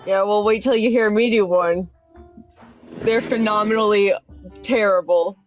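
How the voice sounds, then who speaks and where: A woman chatting casually on a live panel, self-deprecating and quick to giggle. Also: mid-range voice, steady tone, dull audio, soft background music.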